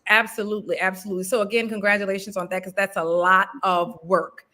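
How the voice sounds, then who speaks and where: A woman's voice: medium pitch, little pitch movement, quick pace, bright, forceful tone. A woman, a writer and actor, chatting casually as an interview guest with frequent ums. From New Orleans.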